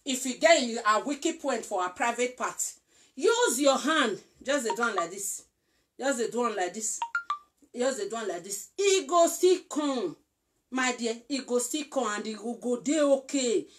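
A woman's voice: on the high side, expressive, a little slow, a little hiss or hum. A woman with a Nigerian accent giving casual relationship advice, coaxing and repetitive, often checking that she is understood. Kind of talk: casual instructive talk.

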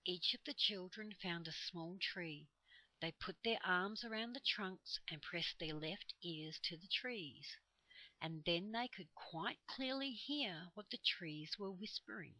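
An older woman reads a children's storybook aloud, gentle and expressive, taking her time over every line. Her voice is bright and forward, and the sound is close and dry. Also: lowish voice, measured pace, dry recording, poor audio. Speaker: storyteller reading a children's book.

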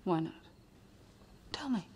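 A woman's voice: takes it slowly, mellow, close to an everyday voice. An actress playing a scheming aristocratic mother who needles her daughter in a period drama. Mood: needling.

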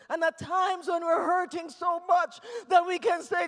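A man with a Nigerian accent preaching a fervent sermon in a large church hall, swinging between loud shouts and hushed passages. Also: very high voice, flat delivery, moderate pace, hardly any pauses. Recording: long reverb of a church hall.

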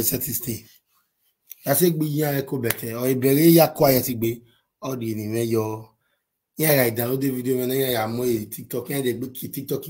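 A man with a Nigerian accent giving casual commentary, animated, laughing often and switching languages. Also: mid-range voice.

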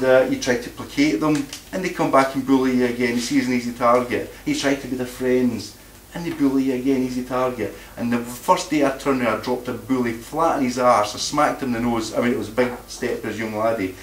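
A man's voice: medium pitch, steady tone, fairly quick, hardly any pauses. A man speaks bluntly to a room of listeners and often repeats words mid-sentence. He is picked up from a distance, so his voice sounds roomy and echoey. A faint hiss sits under the recording. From Scotland. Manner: blunt, combative, repeats words while searching. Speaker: meeting speaker. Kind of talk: informal talk to a live audience. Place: meeting room.

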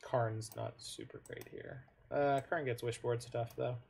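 A man's voice: mid-range voice, fairly even intonation, a little slow, creaky, darkish tone, slight background noise. A man giving casual commentary on his own online card game matches, thinking aloud with frequent self-corrections and asides.

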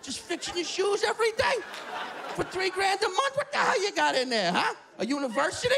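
Guy putting on a ranting old new yorker, shouting high and wild, gravelly. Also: very animated, measured pace, a crowd in the background, background noise, full character voice. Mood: outraged. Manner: outraged yelling into the street. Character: cranky old retired male New Yorker. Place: apartment, live audience.

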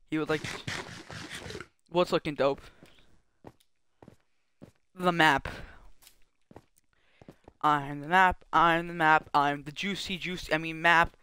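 A man's voice: a little high, slow, pauses often, sharp tone, smooth. A man streaming a survival game, chatting and joking goofily with friends and chat. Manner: goofy, joking, bantering with chat. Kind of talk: casual gaming chat.

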